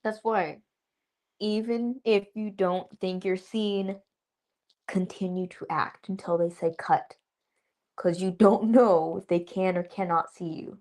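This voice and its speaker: A young woman, an actress guest, chatting casually in an interview and telling lively stories with laughs and acted-out quotes. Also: mid-range voice, slow. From Dallas area. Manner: animated storyteller, laughs often, acts out quotes.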